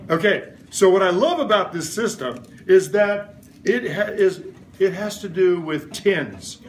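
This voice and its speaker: A middle-aged man leads a classroom science lesson, firing playful questions at the class and waiting for them to answer back. His voice sits high for a man. Steady classroom noise hums behind him. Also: unhurried, echoey room, far from the mic. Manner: call-and-response questioning, playful. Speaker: science teacher. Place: elementary school classroom.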